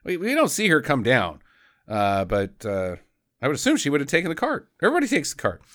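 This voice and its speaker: A man casually recapping a movie with a co-host, animated, swearing and mock-quoting the characters. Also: on the high side, fairly quick. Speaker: podcast co-host.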